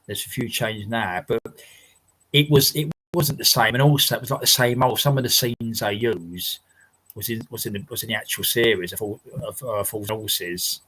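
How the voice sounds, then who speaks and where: Man, livestream host, lowish voice, rambling, laughing, swears casually, chatting from home. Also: moderate pace, bright, forceful tone, husky, poor audio. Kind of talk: casual chat reading viewer comments. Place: his house.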